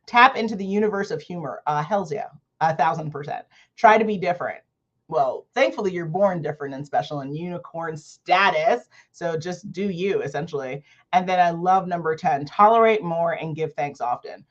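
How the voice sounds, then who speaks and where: Woman, 30s, book club host, low-ish voice, lively and laughing, lo-fi stream sound. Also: moderate pace. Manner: animated, laughs often, reads affirmations aloud. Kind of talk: casual livestream book chat.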